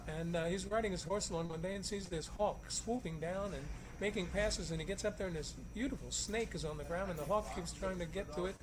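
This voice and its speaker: A man's voice: sits high, fairly quick, hardly any pauses, rough recording. A man presenting a regular segment from a crowded cigar shop, folksy and chatty with many fillers. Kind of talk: casual joke-telling segment. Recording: busy shop background chatter. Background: crowd of customers.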